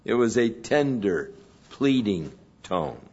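A man preaching an expository sermon in a measured way, pausing between phrases. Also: lowish voice, lively intonation, darkish tone, muffled recording. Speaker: pastor.

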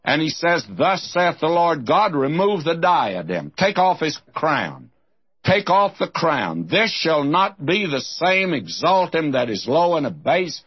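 A man giving expository Bible teaching in an earnest way, slowing down and turning solemn when he reads scripture aloud. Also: on the high side, very animated, slightly rough. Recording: dull lo-fi recording.

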